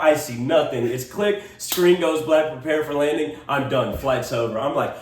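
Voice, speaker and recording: A man's voice: a little high, moderate pace, few pauses. A young man chatting casually as a podcast co-host, telling a rambling story full of fillers and swearing. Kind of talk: casual chat. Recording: roomy, distant mic, faint noise.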